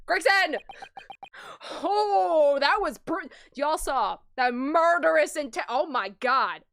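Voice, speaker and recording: Excitable high-voiced woman streamer. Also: slow, vocal fry, no room sound, studio quality. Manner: excitable, laughing, slangy. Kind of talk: casual game commentary.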